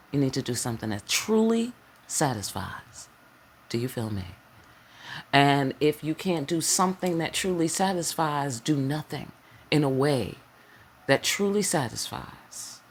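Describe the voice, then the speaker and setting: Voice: medium pitch, a little hiss or hum. A tarot reader giving a casual spiritual reading, talking in an emphatic, repetitive way with slang and frequent check-ins with the listener. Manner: slang-laced, preacherly delivery.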